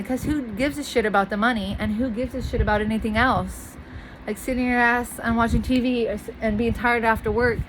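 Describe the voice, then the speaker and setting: A woman's voice: on the high side, fast talker, fairly bright tone, slight background noise, low-quality recording. A woman venting to her camera in a blunt, rambling monologue, swearing freely and repeating herself. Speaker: vlogger.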